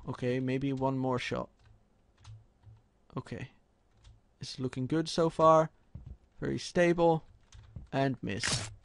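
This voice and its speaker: A man doing let's play commentary, muttering low and then breaking into loud frustrated shouts. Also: no echo. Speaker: gaming commentator.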